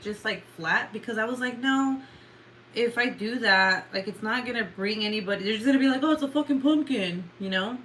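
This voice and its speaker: A woman's voice: mid-range voice, bright, forceful tone, a little hiss or hum, rough recording. A tired young woman chatting casually in a late-night livestream, rambling and swearing with lots of fillers. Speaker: vlogger.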